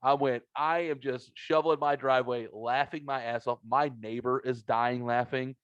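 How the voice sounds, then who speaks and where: Brief: middle-aged male podcast host, swears freely, animated storyteller, dry dull lo-fi sound. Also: medium pitch, normal speed, clean tone, dry recording. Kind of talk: casual storytelling chat. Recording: dull lo-fi audio.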